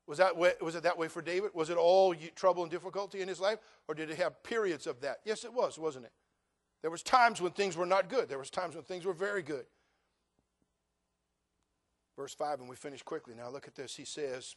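A middle-aged male pastor preaching a sermon, folksy and joking, acting out dialogue and rising to loud, fervent passages. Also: on the high side. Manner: animated preaching, acts out dialogue, rises to loud fervent climaxes.

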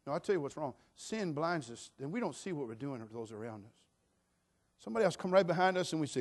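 A male pastor delivering a sermon in a slightly high-set voice. He moves from quiet, intimate passages to loud, impassioned cries, and tells stories as he goes. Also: animated, quick pace. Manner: dynamic preaching, swinging from hushed to shouting.

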